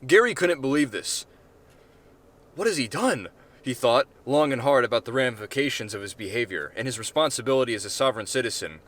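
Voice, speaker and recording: A man reading his own short story aloud in a deadpan way, with casual, offhand asides. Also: mid-range voice, fast, few pauses.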